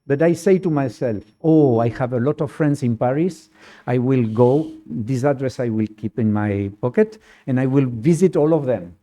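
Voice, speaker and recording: A man telling a lively personal story in halting, non-native English with small grammar slips, often laughing as he goes. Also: medium pitch. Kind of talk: personal anecdote in conversation.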